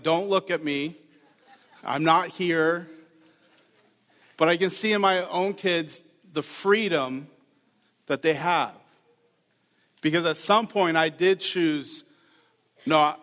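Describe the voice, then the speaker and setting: A man's voice: on the high side, fairly bright tone. A man giving a sermon as a pastor, earnest and conversational, repeating key phrases. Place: church sanctuary. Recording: reverberant church hall.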